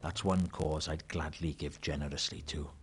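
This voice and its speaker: A man's voice: extremely low pitch, fairly even intonation, normal speed, slight background noise. An actor playing a bitter, surly male informant in a video game, curt and resentful. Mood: irritated. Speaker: game character.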